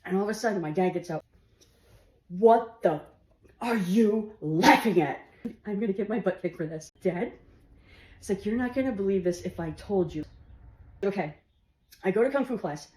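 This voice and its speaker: A woman's voice: mid-range voice, brisk, long pauses, mellow, slight background noise. A woman casually telling a comic story, laughing through her words and swearing now and then. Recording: roomy echo with faint music.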